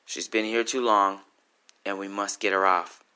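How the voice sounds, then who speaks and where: A man voicing a doctor who delivers bad news calmly in a spoken-word story. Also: lowish voice, moderate pace, clean tone, pitched below the performer's own voice. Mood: grave. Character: grave male hospital doctor.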